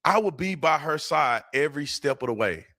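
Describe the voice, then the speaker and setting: A man's voice: fairly high pitch, expressive, brisk, pushed and bright. A man giving heated, indignant political commentary, emphatic and repetitive. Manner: emphatic, indignant, repeats himself.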